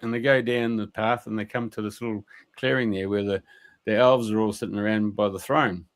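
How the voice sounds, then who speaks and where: A man's voice: fairly low pitch, steady tone, fairly quick. A man telling a rambling anecdote on a radio talk show, colloquial and full of fillers. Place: radio studio.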